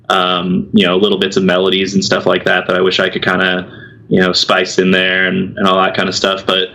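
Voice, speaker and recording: A man's voice: deep voice, low-quality recording. A young man, a metal singer, chatting casually as a guest and explaining technique with lots of fillers and restarts. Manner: relaxed, many fillers and restarts, laughs easily. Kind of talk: casual chat.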